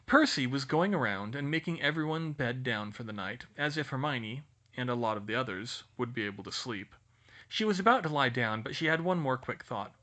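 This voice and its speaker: A man reading a fan-fiction story aloud with expressive storytelling. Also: mid-range voice, a little fast. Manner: expressive storytelling, voices each character. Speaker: reader.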